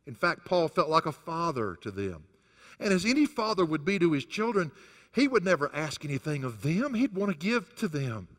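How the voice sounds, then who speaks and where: A man's voice: fairly high pitch, sing-song, normal speed, a bit bright, big-room sound. A male pastor preaching a sermon who swings his voice up and down hard for emphasis. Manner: rises and falls sharply for emphasis, chuckles between points.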